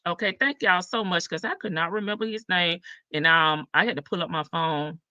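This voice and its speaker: Bright-voiced chatty woman livestream host. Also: lowish voice, fairly quick, no room sound, highs cut off. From Chicago. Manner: chatty, greets viewers one by one, sassy asides. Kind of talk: casual livestream chat.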